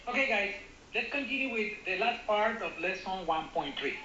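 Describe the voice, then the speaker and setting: A man's voice: high voice, expressive, moderate pace, sharp tone, reverberant, muffled recording, slight background noise. A man teaching English, explaining patiently and often asking if students follow. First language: Spanish. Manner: explains patiently, checks understanding with repeated "okay?". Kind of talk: online class explanation.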